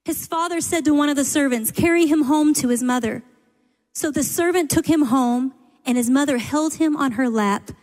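A woman preaching a sermon, retelling a scripture story in an earnest, emphatic way, speaking into a microphone. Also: sits high. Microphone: handheld microphone. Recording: reverberant hall.

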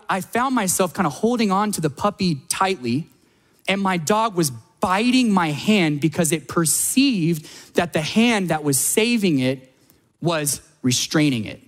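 A male pastor delivers a sermon in a slightly high voice, chatty one moment and rising into dramatic emphasis the next. His words ring out with a long reverb, as in a large church sanctuary. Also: a little slow. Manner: animated, conversational storytelling with dramatic swells.

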